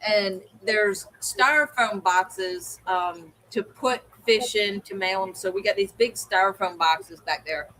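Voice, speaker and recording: A woman co-hosting a livestream, telling an animated story in casual chat and acting out the voices of the people in it. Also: medium pitch, slow pace, hardly any pauses, poor audio. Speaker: co-host.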